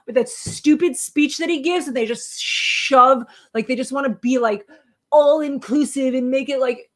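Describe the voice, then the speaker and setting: A woman co-hosting a casual live stream, ranting bluntly and swearing freely. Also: high-pitched. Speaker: co-host.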